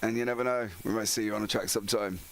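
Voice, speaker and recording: A man's voice: fairly low pitch, steady tone, racing, fairly bright tone. Bantering man from Somerset hosting. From Somerset, England. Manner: bantering, laughing, teasing. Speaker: race stream host. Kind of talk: casual interview hosting.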